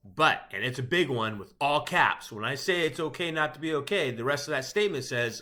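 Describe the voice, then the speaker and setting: A middle-aged man talks to first responders in a chaplain's easygoing, wry way, his pitch jumping up and down with feeling. His tone is bright and forward, and he chuckles at his own jokes. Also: animated, brisk. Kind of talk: motivational talk to camera.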